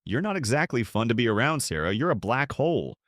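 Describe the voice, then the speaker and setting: A man's voice: mid-range voice, very animated, brisk, a bit bright, no echo, clean studio sound, voice pushed up. An older man voicing an arrogant, cruel husband who sneers and gets defensive. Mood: sneering.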